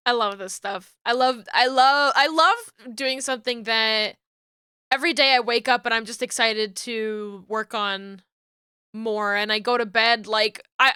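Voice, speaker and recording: A woman's voice: on the high side, measured pace, pushed and bright, smooth, no room sound, clean studio sound. A young woman streamer chatting casually and rambling while she works, laughing often. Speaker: streamer and VTuber rigging artist.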